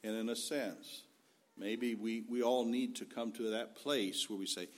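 A man's voice: fairly low pitch, steady tone, unhurried. Earnest folksy man preaching a sermon.

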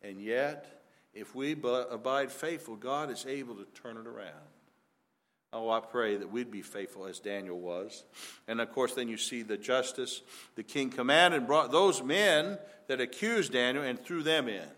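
A man's voice: mid-range voice, moderate pace, fairly bright tone. An older man preaching a sermon in a folksy way, often repeating words and rising for emphasis.

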